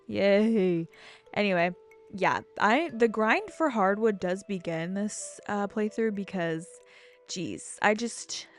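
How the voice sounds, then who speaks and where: A young woman in her twenties commentating casually over her gameplay, rambling from topic to topic, getting excited and swearing freely. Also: medium pitch. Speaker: gaming YouTuber. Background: faint game music.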